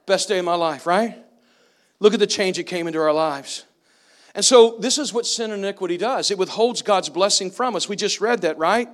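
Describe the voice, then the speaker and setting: Casting note: high-pitched middle-aged pastor, preaches with call-and-response. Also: male voice, normal speed. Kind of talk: sermon.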